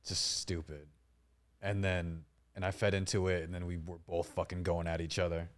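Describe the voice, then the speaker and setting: A young man with a very low voice chats on a podcast. He tells his stories bluntly and swears freely, in a loose, casual flow. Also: flat delivery, normal speed. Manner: blunt, profane storytelling. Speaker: podcast co-host. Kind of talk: casual chat.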